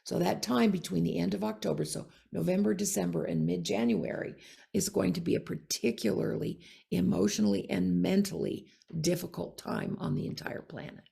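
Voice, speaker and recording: A woman astrologer explains things in relaxed conversation, checking in with "you know" and "okay?". Her voice is heavily gravelly and dark, sitting a little low. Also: moderate pace. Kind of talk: casual conversation.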